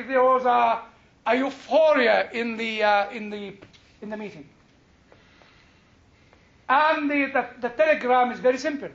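In a lecture room with a live audience, a man teaches a class on the Bible in a very high-pitched, slightly bright voice. The sound is reverberant with the highs cut off. He's chatty and digressive, full of "you know" and little chuckles, and asks his listeners questions.

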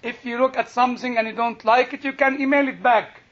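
An older man with a husky voice, teaching a class on Christian faith in a slow, deliberate, emphatic way. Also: very high-pitched, fairly bright tone, muffled recording. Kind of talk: lecture to a class.

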